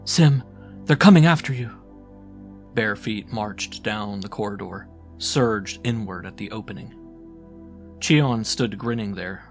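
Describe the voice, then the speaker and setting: A man narrating an audiobook in an expressive, dramatic storytelling style. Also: fairly low pitch. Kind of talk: scripted narration.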